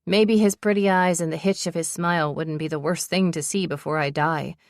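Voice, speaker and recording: A woman's voice: deep voice, fairly even intonation, normal speed, dry recording, clean studio sound. A woman narrating a romance audiobook in first person, telling the story with breathless urgency.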